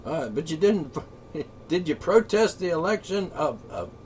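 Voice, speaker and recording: Guy with a pretty high voice going off on a sweary sarcastic rant, yelling then muttering, bit of hum behind. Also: sing-song, unhurried. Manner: profane, sarcastic, swings between shouting and muttering. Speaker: political commentator. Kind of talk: angry solo rant.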